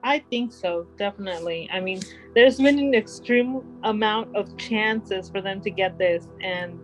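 A woman's voice: medium pitch, a little slow, faint music behind, poor audio. A woman co-hosting a casual podcast, blunt and exasperated in her commentary. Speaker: podcast co-host.

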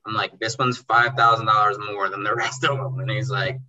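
A young man who runs a car detailing business, telling animated stories in casual chat and acting out dialogue in quotes. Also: lowish voice, a little fast, dull audio. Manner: animated, acts out dialogue in quotes, says bro and dude. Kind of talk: casual storytelling in a podcast chat.

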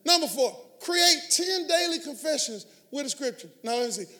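A man preaches from the pulpit in an unusually high, ringing voice for a man. He is middle-aged and talks with emphatic call-and-response, pushing his listeners to answer back. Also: animated, moderate pace, pushed and bright. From Houston area, US. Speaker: pastor. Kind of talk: sermon.

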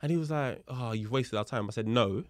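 A man, a guest on a podcast, telling a story in a lively, casual way and acting out the other people's voices, with street slang and swearing. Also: medium pitch, brisk, no room sound, studio quality. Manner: animated, acts out the voices of people in his story. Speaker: podcast guest, police officer.

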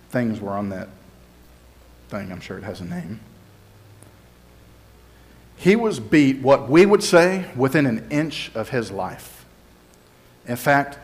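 A male pastor giving a conversational, explanatory sermon and teaching from scripture, sometimes voicing the crowd and Pilate in quotes. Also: medium pitch.

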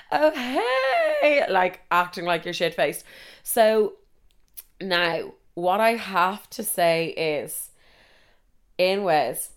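A young Irish woman telling stories casually, animated and swearing freely, acting out the people she quotes. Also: on the low side, clean tone. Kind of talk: casual storytelling monologue.

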